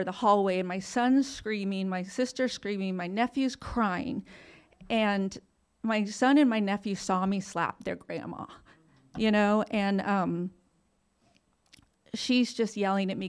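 Speaking in a smooth, medium-pitched voice, a woman gives a frank account of her own recovery, laughing through the hard memories, joking at her own expense and swearing casually.

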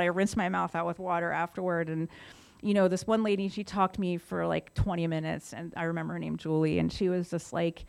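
A middle-aged woman with a somewhat low voice shares her recovery story. She talks in a candid, conversational way and leans on casual fillers as she goes. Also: level tone, a little fast, gravelly, smooth. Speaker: speaker sharing her story.

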